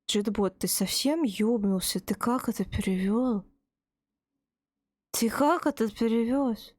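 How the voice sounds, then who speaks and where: A woman streaming live, chatting with her audience in an excitable way, swearing and playfully shouting at chat. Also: on the high side, takes it slowly, long pauses, no echo, clean studio sound. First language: Russian. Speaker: VTuber streamer.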